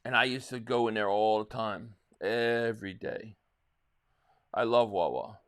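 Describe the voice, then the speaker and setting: A man's voice: lowish voice, measured pace, a bit bright, smooth. A man from South Jersey hosting a live stream, chatting casually and rambling as he answers viewer comments, with frequent restarts. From South Jersey, near Philadelphia.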